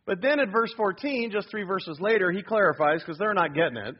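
Husky-voiced man preaching emphatically. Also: high-pitched, a little fast, muffled recording. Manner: animated, emphatic preaching that prompts the congregation. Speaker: pastor. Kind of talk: sermon.

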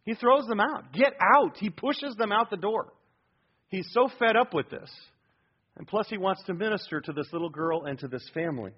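Male pastor, fairly high husky voice, emphatic animated sermon, dull lo-fi recording. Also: normal speed. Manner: animated, emphatic preaching that prompts the congregation.

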